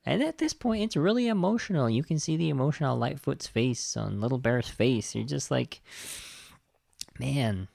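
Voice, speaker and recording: A man's voice: lowish voice, vocal fry, no room sound, studio quality. A man hosting a podcast, reviewing a film in a casual, sarcastic, exasperated way, swearing now and then.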